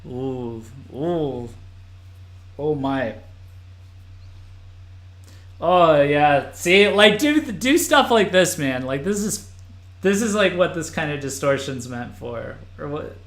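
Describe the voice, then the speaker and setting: A man's voice: on the high side, expressive, slow, pauses often, roomy sound. A man hosting a live stream, reacting to an album as it plays, rambling and restarting his sentences. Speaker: podcast host.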